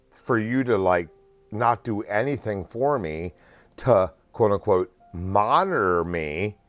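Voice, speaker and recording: A man's voice: medium pitch, no echo. A man in his forties telling a story in a blunt, profane, exasperated rant. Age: 40s. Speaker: vlogger. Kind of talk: casual ranting story.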